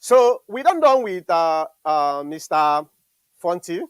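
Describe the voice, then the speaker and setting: A man hosting an online show, talking in a halting way full of fillers and restarts. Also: a little high, very animated, clean tone, no echo, poor audio. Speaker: show host.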